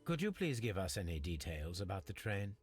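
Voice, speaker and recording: An actor playing Sherlock Holmes, a composed, brilliant detective, speaking in a measured, formal, precise manner in a video game. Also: male voice, low voice, very animated, soft background music. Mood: businesslike.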